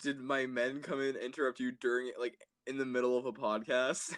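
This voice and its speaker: A man's voice: mid-range voice, flat delivery, fairly quick, a bit bright. A teenage man co-hosting a casual comedy podcast, joking and riffing with a laugh. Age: late teens. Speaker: podcast co-host.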